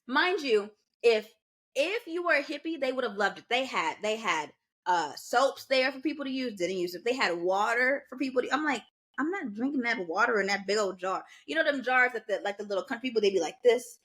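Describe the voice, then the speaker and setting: A young American woman co-hosting a podcast, telling a story in a lively, casual way with quoted asides. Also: fairly high pitch, a little fast. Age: young adult. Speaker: podcast co-host.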